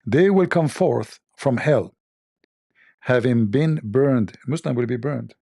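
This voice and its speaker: Sarcastic gravelly man. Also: medium pitch, lively intonation, takes it slowly, dark tone, no echo, studio quality. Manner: sarcastic, laughs at own jokes, repeats phrases. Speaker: show host. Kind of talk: mocking religious debate commentary.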